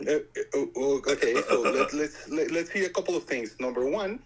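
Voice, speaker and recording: A man's voice: fairly high pitch, expressive, fairly quick, husky, low-quality recording. A man with a foreign accent calling into a stream debate, stammering and repeating words, half joking. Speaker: caller.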